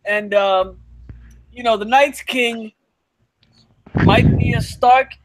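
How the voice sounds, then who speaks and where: A man co-hosting a casual podcast, speaking in a high voice. He is blunt and profane and throws in comic asides. The sound is dry, with no room echo. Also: steady tone, slow pace. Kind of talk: casual live podcast chat.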